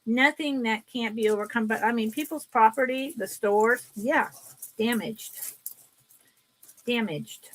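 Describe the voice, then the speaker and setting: A woman's voice: on the high side, a little slow. Chatty woman selling jewelry live. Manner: chatty, animated storytelling. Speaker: live-sale seller. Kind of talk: casual live-sale chat.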